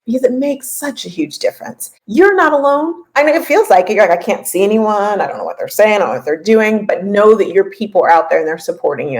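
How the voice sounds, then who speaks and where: A woman in her forties hosting a casual podcast and coaching listeners, chatty and lively, often laughing and repeating points for emphasis. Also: on the low side, low-quality recording. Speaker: podcast host and business coach.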